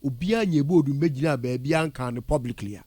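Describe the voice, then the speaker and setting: A man with a Ghanaian accent in heated radio talk, animated and indignant, switching between English and Twi. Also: mid-range voice, a little fast, husky, no room sound, studio quality.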